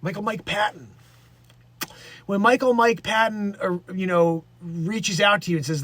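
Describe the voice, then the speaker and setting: A man's voice: sits high, fairly even intonation, unhurried, a bit bright, no echo. A man hosting a comedic news show, reading stories and riffing in a rambling, self-interrupting, mocking way.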